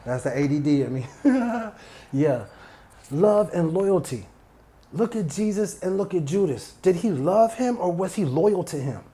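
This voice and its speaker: A man's voice: high-pitched, expressive, a little slow, dark tone. A man hosting a solo podcast, talking in a loose, conversational way and often repeating phrases for emphasis. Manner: repetitive, emphatic, digressive street-casual talk. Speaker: podcast host. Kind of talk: solo motivational podcast monologue.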